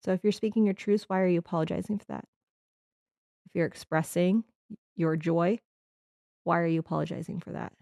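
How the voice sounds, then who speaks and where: A woman's voice: fairly low pitch, fairly even intonation, a little fast, creaky, long pauses, warm tone, no echo. A woman from the Midwest hosting a podcast, talking earnestly in a rambling reflective monologue with restarts. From American Midwest. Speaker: podcast host.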